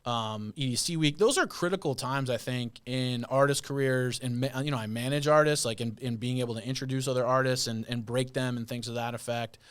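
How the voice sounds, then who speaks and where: A man chatting on a podcast about his work managing music artists. He tells his stories in an animated way and circles back over his own phrases. His pitch sits right in the middle for a man. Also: brisk, hardly any pauses, clean tone. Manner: storytelling, animated with repeated phrases. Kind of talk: casual podcast chat.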